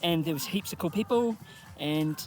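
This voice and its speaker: A man co-hosting a casual podcast chat outdoors at a race finish, telling stories in a chatty, animated way. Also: on the high side, moderate pace. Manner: chatty, animated storytelling with playful voices. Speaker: podcast co-host.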